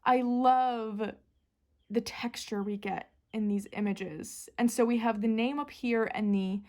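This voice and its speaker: A woman in casual, excitable chat, gushing and giggling as she shows off a new deck. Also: on the high side, a little slow. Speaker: tarot deck reviewer.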